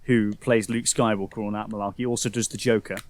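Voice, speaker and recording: A man's voice: fairly low pitch, fairly even intonation, fairly quick, no room sound. A man with a British accent, co-hosting a podcast, arguing bluntly in casual chat with friends. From England. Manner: blunt, argumentative. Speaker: podcast co-host. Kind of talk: casual argument among friends.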